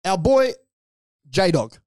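A man's voice: high-pitched, very animated, very slow, dry recording. A man, co-hosting a podcast and telling a story in casual, heavily sweary chat. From Australia. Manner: loud, sweary storytelling with acted quotes. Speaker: podcast co-host.

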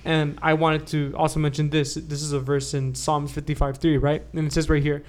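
A man's voice: a little high, level tone, moderate pace. A young man co-hosting a faith podcast, talking earnestly and often tagging "right?" onto his points. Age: young adult. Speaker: podcast co-host. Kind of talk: casual faith discussion.

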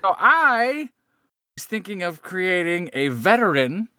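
A man pitching his character as a player in a casual podcast, animated and laughing at himself. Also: slow pace, dry recording, clean studio sound. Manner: animated, laughing, self-deprecating.

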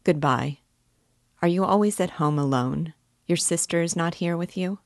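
A woman's voice: on the low side, normal speed, no room sound, clean studio sound, lightly acted. A woman reading as a troubled, secretive young man. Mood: tense. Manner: restless, muttering his thoughts.

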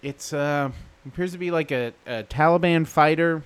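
A man's voice: a little high, normal speed, clear, resonant tone, no room sound. A young man co-hosting a podcast, chatting casually in a laid-back, rambling, joking way into a podcast mic. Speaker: podcast co-host. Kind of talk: casual chat. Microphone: podcast microphone.

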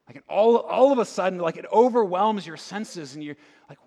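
A man preaching a conversational sermon, asking the room rhetorical questions and swinging between loud emphasis and hushed asides. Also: high voice, lively intonation, brisk, vocal fry. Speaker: pastor.

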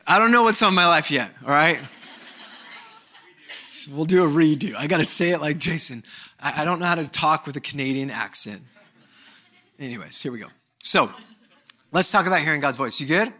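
A middle-aged male pastor preaching a sermon, candid and animated, breaking into mock voices and shouted bursts. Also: a little high, normal speed, long pauses.

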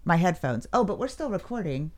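A woman's voice: lowish voice, big pitch swings, brisk, slight background noise. A woman co-hosting a casual, unscripted podcast, chatty and self-conscious, laughing often. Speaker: podcast co-host. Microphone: podcast mic with headphones, home setup.

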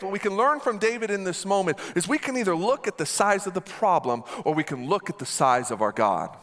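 A man's voice: sits high, animated, a little fast, hardly any pauses, fairly bright tone. A man delivering an emphatic sermon as pastor, repeating lines and asking the congregation to answer back. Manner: emphatic, repetitive, call-and-response.

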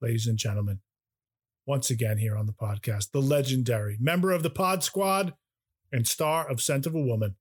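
Husky-voiced man hosting a comedy podcast. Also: mid-range voice, moderate pace. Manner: mock-formal announcing, playful. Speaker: podcast host.

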